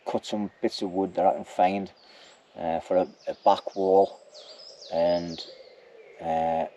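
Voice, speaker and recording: A bushcraft vlogger talks casually to the camera at an outdoor camp, his low, dark-toned voice coming through a muffled recording. He's chatty and rambling, ending lines with "like," and has a snotty nose.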